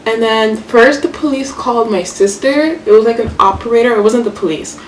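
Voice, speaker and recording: A young woman vlogger telling a story casually while doing her makeup, chatty and animated, full of fillers and swearing. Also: fairly high pitch, a little fast. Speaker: beauty vlogger. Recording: echoey room, mic far off, faint hiss.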